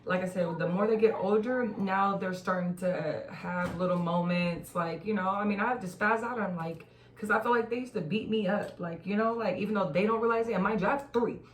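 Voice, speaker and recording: A woman's voice: medium pitch, a little fast, hardly any pauses. Woman host in her thirties, chatty storyteller, recorded off-mic in an echoey room. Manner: chatty, laughing, acts out quotes. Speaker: podcast host. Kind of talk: casual chat. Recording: echoey room, distant mic, faint noise.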